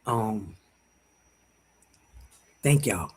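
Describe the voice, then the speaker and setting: A man's voice: lowish voice, expressive, very slow, noisy background. A man in his forties hosting a casual livestream, emotional and rambling, thanking viewers through tears of joy. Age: 40s. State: teary-eyed. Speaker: livestream host.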